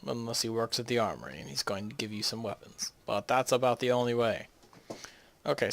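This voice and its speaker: With a medium-pitched voice and vocal fry, a man hosts a gaming video about a strategy game he's playing. He rambles and jokes casually, restarting sentences and trailing off mid-sentence.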